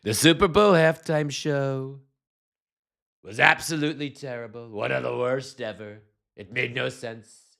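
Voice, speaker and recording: A man putting on an impression of a pompous older male politician, with blustery, drawn-out emphasis. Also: medium pitch, creaky, a bit bright, voice pushed up.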